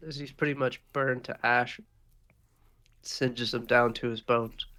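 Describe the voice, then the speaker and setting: A man's voice: mid-range voice, little pitch movement, measured pace, sharp tone. A man running a tabletop game as game master, narrating casually and swearing freely.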